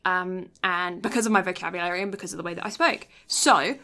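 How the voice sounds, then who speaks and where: A woman's voice: fairly low pitch, fast, sharp tone. A woman from England with an English accent tinged with Canadian, chatting casually as a podcast co-host and rambling with many asides. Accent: English, mixed with Canadian.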